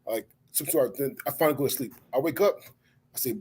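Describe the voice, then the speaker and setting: A man's voice: mid-range voice, quick pace. Brief: male guest, casual storytelling, faint noise under the voice. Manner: relaxed storyteller, quotes others. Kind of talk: casual chat.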